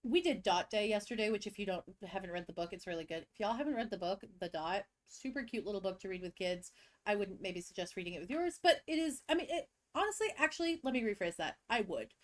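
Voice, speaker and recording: A young woman co-hosting a podcast with a stuffy cold, telling animated stories about her students and acting out their voices. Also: mid-range voice, fast. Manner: animated storyteller who acts out kids and teachers. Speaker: podcast co-host, teacher. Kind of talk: casual chat, storytelling.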